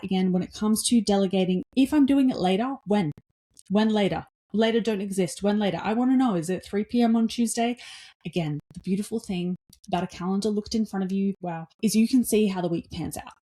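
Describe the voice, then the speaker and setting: An energetic woman hosts her own podcast, talking straight to her listeners with a mellow, warm tone. She is blunt and swears freely, and acts out little back-and-forth dialogues in her own voice. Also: mid-range voice, fairly quick. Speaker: podcast host. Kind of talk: casual motivational talk.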